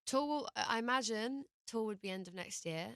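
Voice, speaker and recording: A woman's voice: on the high side, moderate pace, fairly bright tone, dry recording. A British woman, a singer, chatting casually as a guest in a radio studio interview, hesitant with lots of ums and little laughs.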